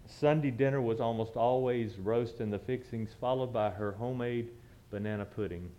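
A man's voice: medium pitch, normal speed, dark tone, dull audio, slight background noise. A man, telling a personal story from the pulpit in a conversational, reminiscing way with frequent restarts. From southern United States. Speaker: church speaker.

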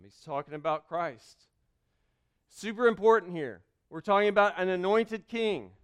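A pastor delivers a sermon, reading scripture slowly and leaning on key words. His high voice stays smooth and resonant, dipping into quiet asides before returning at full volume.

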